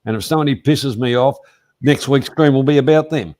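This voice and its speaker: A man's voice: mid-range voice, brisk, crowd noise. A man with an Australian accent hosting a casual chat, telling rambling, irreverent stories and swearing. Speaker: host.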